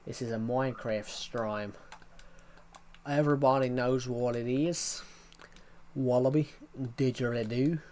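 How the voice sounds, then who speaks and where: A man's voice: medium pitch, slight background noise, lightly acted. A British man putting on a playful, hammy Australian accent as a cheerful, matey bloke while he plays. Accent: put-on Australian. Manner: playful, hammy, self-mocking.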